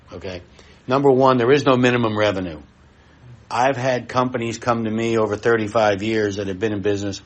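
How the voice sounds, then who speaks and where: A middle-aged man giving a live expo presentation in a blunt, folksy way, talking straight to his audience. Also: fairly low pitch.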